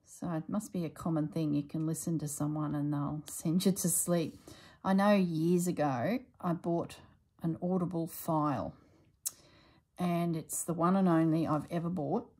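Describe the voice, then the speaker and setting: A middle-aged woman chatting casually while she stitches, thinking aloud and drifting into soft asides. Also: deep voice, steady tone, unhurried, husky, poor audio. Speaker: slow-stitching vlogger.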